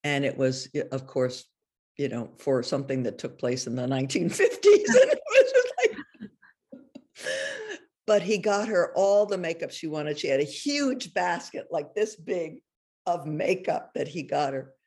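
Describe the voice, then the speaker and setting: A woman's voice: low voice, sing-song, a little slow, a little mellow, slightly rough. An older woman, a guest in an interview, telling chatty anecdotes and laughing often as she goes. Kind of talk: casual anecdotal storytelling.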